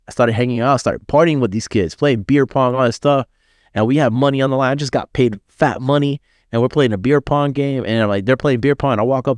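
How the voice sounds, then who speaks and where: A man's voice: medium pitch, fairly quick, dry recording, clean studio sound. Profane storytelling man from Miami. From Miami, USA. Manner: profane, animated, acts out quoted voices. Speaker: artist guest. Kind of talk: casual storytelling.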